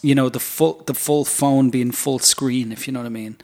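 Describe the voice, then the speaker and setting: A man's voice: medium pitch, fairly even intonation, moderate pace, darkish tone. Musing male podcast co-host. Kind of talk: casual podcast chat.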